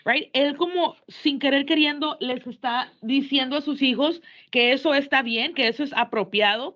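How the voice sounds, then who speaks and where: A woman teacher with a bright, fairly high voice lectures her class in an animated way, switching between English and Spanish. She is recorded in a classroom. The sound is dull and lo-fi.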